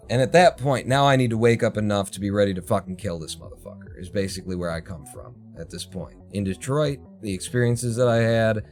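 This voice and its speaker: A man's voice: fairly low pitch, brisk, few pauses, a little mellow, soft background music. Man ranting, swearing heavily. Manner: heated, heavily profane ranting. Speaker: livestream host. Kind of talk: casual ranting story. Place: home, indoors.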